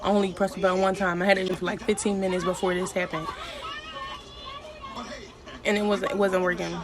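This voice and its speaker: A young woman telling a casual storytime in a blunt, profane, animated way. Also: mid-range voice, brisk, crowd noise. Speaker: vlogger.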